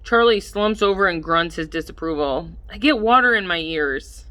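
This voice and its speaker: A woman narrating a first-person audiobook at a measured pace, her voice slightly low yet very bright and forward. She lifts her delivery whenever the characters speak. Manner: measured, lively in dialogue.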